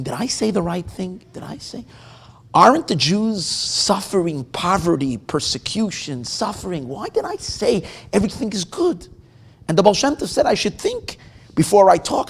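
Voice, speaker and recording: A rabbi with a fairly high, gravelly voice tells a story at an informal evening gathering, animatedly acting out the characters' lines with feeling. The room where the group meets has a guitar nearby.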